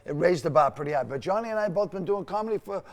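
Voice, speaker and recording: A comedian in his sixties with a Boston accent, telling stories in a loud, animated way as a guest on a TV studio chat. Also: high voice, racing, muffled recording. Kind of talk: casual chat.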